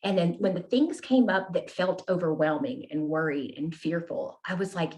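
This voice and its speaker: Earnest woman sharing her story, low-pitched. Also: normal speed, darkish tone. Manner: earnest, tag questions like "right?" and "you know?". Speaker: podcast guest. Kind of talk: candid conversational storytelling.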